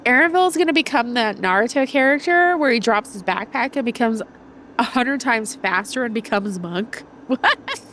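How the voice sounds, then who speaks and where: A woman's voice: a little high, expressive, moderate pace, a bit bright, slight background noise. A young woman streaming a video game, congested and chatting in a rambling way with her viewers. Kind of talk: casual let's-play commentary.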